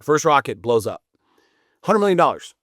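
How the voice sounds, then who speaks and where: A man's voice: on the high side, normal speed, dry recording, studio quality. A man appearing as a podcast guest, telling stories bluntly and profanely in a casual conversation. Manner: animated storyteller, blunt and profane.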